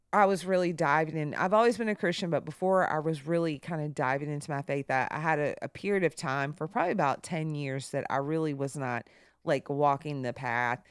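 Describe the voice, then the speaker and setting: A middle-aged woman co-hosting a podcast, telling stories in a casual, animated way and jumping up high when she quotes others. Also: moderate pace, clean tone, no room sound, clean studio sound. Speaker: podcast co-host. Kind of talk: casual storytelling chat.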